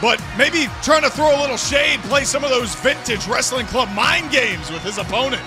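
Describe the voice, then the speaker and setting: A man calling wrestling action play by play, loudly and excitedly. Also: very high-pitched, normal speed, music in the background. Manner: loud, shouting calls of the action. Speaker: play-by-play commentator. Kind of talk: excited wrestling game commentary.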